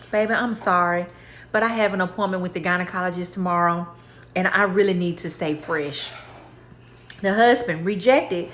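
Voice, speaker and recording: A woman's voice: mid-range voice, a bit bright, slight background noise. A woman telling a joke to her partner at home in a casual, giggly way. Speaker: joke teller.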